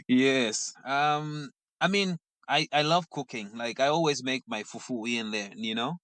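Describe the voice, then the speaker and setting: A middle-aged man from Mozambique, a guest telling animated stories in casual conversation and acting out what his family said. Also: medium pitch, slow, no room sound. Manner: animated storyteller who acts out quoted family members. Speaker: guest, dancer.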